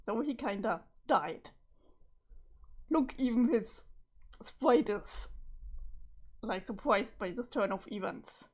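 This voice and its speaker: A woman's voice: medium pitch, lively intonation, slow, pauses often, breathy edge. A woman, a streamer reading a web comic aloud and chatting, sometimes searching for words. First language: German. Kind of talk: casual read-along commentary.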